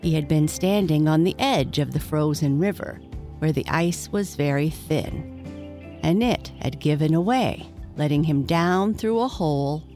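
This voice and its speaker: A woman reading a bedtime story aloud, gentle and measured. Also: sits low, soft background music.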